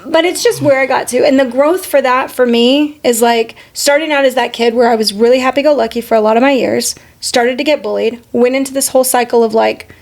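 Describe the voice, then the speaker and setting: A woman's voice: sits high, fairly quick, few pauses. A woman in her forties hosting a podcast, telling candid personal stories in casual chat, swearing freely. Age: 40s. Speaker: podcast host.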